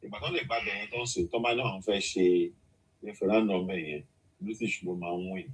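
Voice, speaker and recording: A man's voice: low voice, fairly even intonation, quick pace. A man with a Yoruba accent, explaining his views in a lecturing tone on a talk show and mixing in English.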